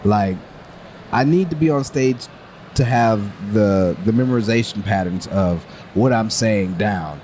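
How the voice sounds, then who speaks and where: A male stand-up comedian guest chatting casually on a podcast, lively and quick to laugh, often acting out his own thoughts and restarting his sentences. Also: on the low side, slight background noise. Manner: rambling with frequent restarts.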